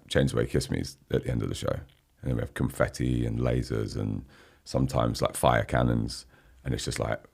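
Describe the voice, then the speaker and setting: A musician in his forties, a guest on a podcast in a studio, chats casually, laughs often, and keeps saying "you know what I mean." His voice is extremely low and gravelly.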